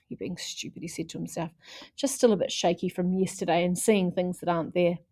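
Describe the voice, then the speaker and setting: A woman reading a children's chapter book aloud in a lively way, putting on voices for the characters. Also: on the low side, brisk, no room sound, studio quality. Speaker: audiobook reader.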